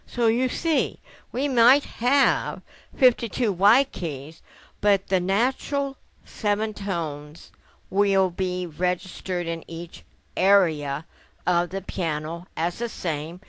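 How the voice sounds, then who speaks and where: A woman's voice: medium pitch, fairly bright tone, clean tone, dry recording. A woman giving a piano lesson, patiently explaining step by step and counting notes aloud. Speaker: piano teacher. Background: piano notes played between phrases.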